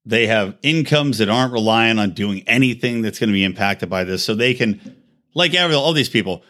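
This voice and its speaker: A man's voice: fairly low pitch, animated, brisk, bright, forceful tone. A man hosting a podcast, delivering a heated, profane rant with emphatic, wide swings in his voice. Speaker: podcast host. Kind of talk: ranting monologue.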